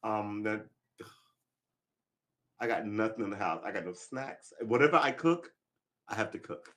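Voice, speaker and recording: A man's voice: fairly low pitch, animated, measured pace, fairly bright tone. A middle-aged man chatting on a casual live stream, rambling and profane with many restarts, a little tipsy from drinks. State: slightly tipsy. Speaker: vlogger.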